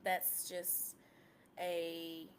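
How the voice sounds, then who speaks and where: A woman in her late thirties hosting a solo podcast, talking candidly in a chatty, slangy way that drops to soft murmurs and jumps to loud, excited bursts. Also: on the low side, extremely slow, a little hiss or hum. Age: 30s. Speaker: podcast host. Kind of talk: casual solo podcast monologue.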